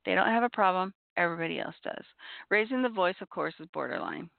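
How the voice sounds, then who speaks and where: A middle-aged woman speaks in an earnest, measured way, repeating her key points as she gives advice. Her voice has a gravelly edge. The sound is tinny and dry, like a phone line with no room around it. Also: on the low side, very animated, no room sound. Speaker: podcast host on abuse recovery. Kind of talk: reflective advice talk.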